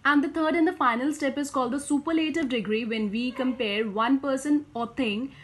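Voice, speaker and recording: A woman explaining grammar step by step, often pausing with "you know" and "uh". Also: high voice, slight background noise. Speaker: English teacher.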